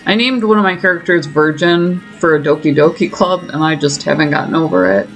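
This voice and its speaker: A woman's voice: low-pitched, expressive, fairly quick, faint music behind, rough recording. A woman streamer giving chatty, self-mocking running commentary while she plays a game. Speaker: gaming streamer. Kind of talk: casual let's-play commentary.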